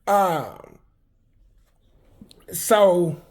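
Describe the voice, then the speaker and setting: A man from Arkansas, casually telling personal stories in a flamboyant, animated, profane way. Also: high-pitched, extremely slow. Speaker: vlogger.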